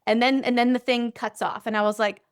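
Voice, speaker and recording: A woman speaking as a doctor guest on a podcast, telling a story in an animated, conversational way with frequent filler phrases. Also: a little high, a little fast, clean tone. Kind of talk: conversational interview.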